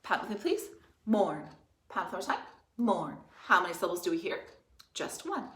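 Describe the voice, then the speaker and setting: A woman who teaches third grade, dictating spelling words slowly and clearly and spelling out each letter and syllable. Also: on the low side, sing-song, fairly bright tone. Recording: echoey room.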